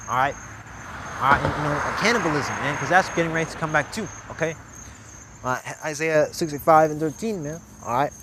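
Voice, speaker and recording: A man's voice: on the high side, slight background noise, low-quality recording. Man preaching scripture, tagging lines with "man". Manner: fills every pause with "man", "okay?" and "all right?"; reads verses aloud louder and more formally than his own remarks. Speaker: religious teacher. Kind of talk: informal scripture teaching. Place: outdoors at a camp.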